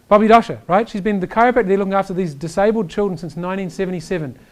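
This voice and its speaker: A man giving an energetic chiropractic lecture, emphatic and animated, often checking in with "right?". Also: high voice, very fast. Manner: reads quotes aloud to the audience.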